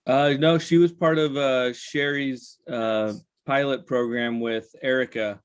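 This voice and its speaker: A man taking part in a casual video-call meeting, relaxed and hesitant, with many fillers. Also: mid-range voice, measured pace, smooth.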